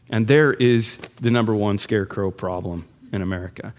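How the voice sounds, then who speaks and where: Speaking briskly in a lowish voice, a pastor delivers a conversational, humorous sermon. He puts questions to the congregation and drives his points home with emphatic rising peaks.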